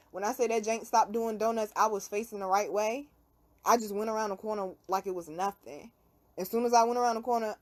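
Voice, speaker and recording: Brief: young female host, fairly high pitch, loose slangy storyteller who swears freely and acts out scenes. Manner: animated, profane, slangy storytelling with screamed reenactments. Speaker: podcast host. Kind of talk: casual storytelling.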